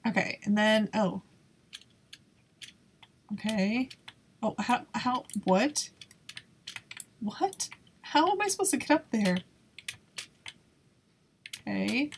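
A woman's voice: on the high side, expressive, takes it slowly, pauses often, a little hiss or hum. A woman giving casual gameplay commentary in a nervous, exclaiming way, laughing often. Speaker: YouTuber playing a video game.

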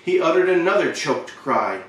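Man reading a story aloud, expressive, very roomy echo, set back from the mic. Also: a little high, moderate pace, far from the mic. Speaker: reader. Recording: very echoey room, voice away from the mic.

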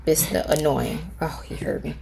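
A woman's voice: deep voice, moderate pace, gravelly, dark tone. Woman, middle-aged, casual tutorial host, chatty, thinks aloud, home room, faint background noise. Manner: chatty, talks to viewers as "y'all"; thinks aloud while typing prompts. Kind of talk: casual screen-recorded tutorial.

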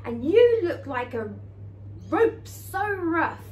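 A woman's voice: very high-pitched, sing-song, slow pace, roomy sound, a little hiss or hum, voice pushed up, full character voice. A woman voicing a cheerful, playful young female sparrow in a read-aloud children's story.

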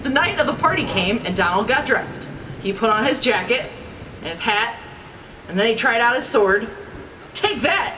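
A woman reading a children's storybook aloud in an expressive, amused manner. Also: fairly high pitch, normal speed. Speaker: storybook reader. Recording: distant mic with background noise.

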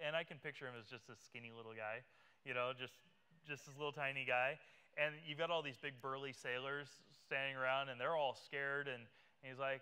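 A man preaching with a bright, ringing voice that is smooth and resonant. He retells the story casually and gives the characters their own lines. His sound carries a long reverb from the church hall. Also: medium pitch. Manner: conversational, vivid retelling that acts out the characters. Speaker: pastor. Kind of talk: sermon.

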